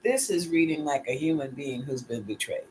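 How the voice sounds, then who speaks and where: A man's voice: a little high, moderate pace, a little mellow, a little hiss or hum. A man giving a casual solo tarot reading, musing aloud and putting questions to his pendulum. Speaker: tarot reader.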